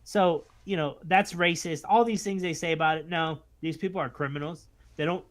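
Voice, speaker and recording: Animated, fairly high-voiced man co-host. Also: normal speed. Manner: animated, acts out what others say in mocking voices. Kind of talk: casual political chat on a faith podcast.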